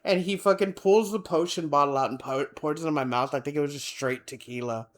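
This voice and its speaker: A man's voice: a little high, a little fast. A man, co-hosting a podcast and telling a rambling story in casual chat, acting out the people in it. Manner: rambling, animated, acts out quoted people. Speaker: podcast co-host.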